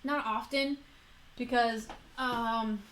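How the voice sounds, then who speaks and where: A woman's voice: fairly high pitch, fairly even intonation, slow, noisy background. A young woman with a Florida accent, chatting casually on a livestream while building a model kit, rambling and correcting herself as she goes.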